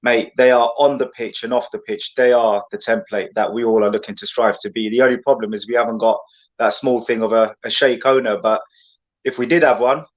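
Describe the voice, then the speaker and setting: A man talks football with passionate, rambling energy, peppering every point with "mate". His pitch sits mid-range for a man. The sound is muffled and lo-fi, like a call recording. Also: a little fast. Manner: animated, passionate, rambling rants with lots of "mate". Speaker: football pundit guest. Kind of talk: casual football chat.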